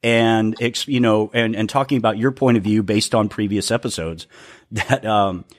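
A man's voice: lowish voice, steady tone, normal speed. Stammering, rambling podcast host man. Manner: rambling, stammering, laughing at himself. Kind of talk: casual podcast chat.

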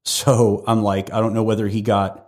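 A man's voice: on the low side, flat delivery, moderate pace, darkish tone. A man hosting his own podcast from home, chatting casually with a loose, self-deprecating manner, free swearing and frequent restarts. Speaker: podcast host. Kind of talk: casual rambling podcast monologue.

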